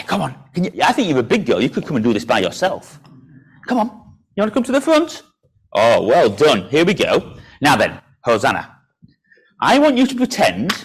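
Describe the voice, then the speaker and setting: A man preaching a sermon in a church, earnest and solemn on the hard points, then coaxing and playful when he calls children up to help. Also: husky. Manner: earnest, drops low and soft for solemn points. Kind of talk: sermon with a children's object lesson.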